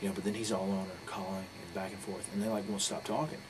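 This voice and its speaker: Giving a candid interview, a pro wrestler tells a story in a blunt, profane, rambling way. His voice is low-pitched and quick, with steady background noise in the recording.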